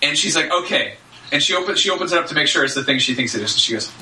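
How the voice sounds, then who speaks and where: A man co-hosting a comedy podcast, telling a story in an animated, excitable way. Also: a little high, very fast. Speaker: podcast co-host. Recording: roomy, distant mic with faint noise.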